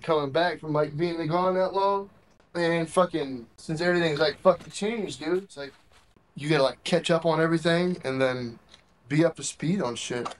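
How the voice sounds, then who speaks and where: A man's voice: medium pitch, poor audio. A young male soldier telling combat stories in casual, profane, rambling talk, recorded on a handheld camcorder at a base in Iraq. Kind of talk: casual war story.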